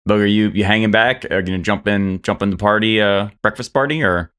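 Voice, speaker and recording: A man's voice: fairly low pitch, fast talker, a bit bright, clean tone. A man running a tabletop game as game master, rambling with many fillers and restarts.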